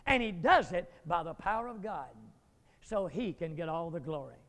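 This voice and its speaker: A man preaching a dramatic sermon, acting out biblical figures and climbing to near shouts. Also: high voice, expressive, moderate pace. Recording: long hall reverb.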